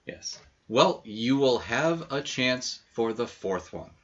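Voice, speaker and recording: A man's voice: mid-range voice, expressive, slow pace. A man co-hosting a podcast, giving brief dry replies. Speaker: podcast co-host. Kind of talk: casual chat. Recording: dull lo-fi audio.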